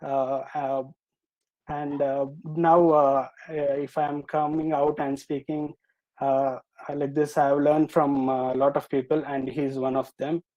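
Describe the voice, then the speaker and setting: A nervous young man answering a panel's questions, hesitating with many filler pauses. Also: on the high side, little pitch movement, darkish tone, rough recording. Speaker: student presenter.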